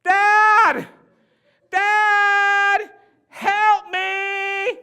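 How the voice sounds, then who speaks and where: A man voicing his young daughter, yelling for help in shrill, urgent calls as he tells the story. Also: steady tone, extremely slow, exaggerated voice. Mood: panicked.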